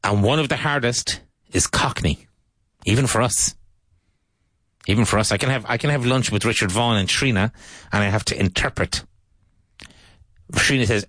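An Irish man teaching English vocabulary, saying each word slowly and repeating it for learners. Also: fairly low pitch, fairly bright tone, no room sound. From Ireland. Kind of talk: vocabulary lesson.

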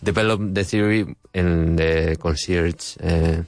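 A man's voice: low voice, fairly even intonation, slow pace, no room sound. A man with a Spanish accent, a native Spanish speaker, hosting a radio show in good-humored casual chat and laughing easily. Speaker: radio host.

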